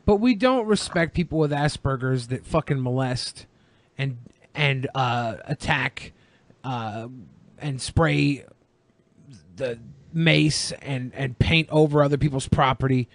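A man co-hosting a podcast, explaining things in a measured way with some fillers. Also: medium pitch, dry recording. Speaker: co-host. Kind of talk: casual podcast banter.

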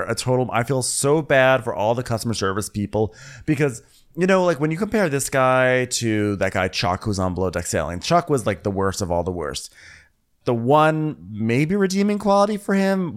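A man co-hosting a casual recap chat, sarcastic and chatty, saying "like" a lot. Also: lowish voice. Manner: chatty, sarcastic, heavy use of "like". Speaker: podcast co-host.

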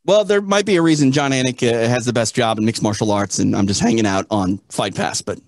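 A man's voice: mid-range voice, fairly quick, no echo, clean studio sound. A man from the United States hosting an interview, chatting in a playful, mock-serious way. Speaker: interview host. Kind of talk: casual interview chat.

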